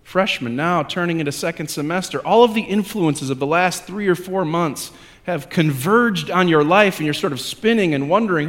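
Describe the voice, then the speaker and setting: High-voiced male pastor in a hall. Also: normal speed, fairly bright tone. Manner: conversational, self-deprecating, builds to emphatic repetition. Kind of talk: sermon.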